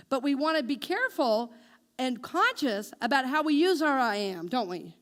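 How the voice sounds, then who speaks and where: A woman minister preaching with a high, bright voice. She asks her congregation questions and waits for them to answer. She speaks her affirmations slowly and with care. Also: lively intonation. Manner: engaging the congregation with call-and-response questions; slow, deliberate spoken affirmations. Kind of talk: sermon.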